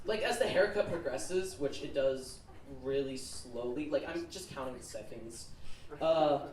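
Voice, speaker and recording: A man's voice: medium pitch, unhurried. A teenage boy telling a rambling story on stage as a student comedian, with lots of filler words. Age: teens. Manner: nervous, rambling storytelling with many "like"s. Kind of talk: stand-up comedy set. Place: comedy club stage with laughing audience. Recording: roomy, distant club recording with crowd.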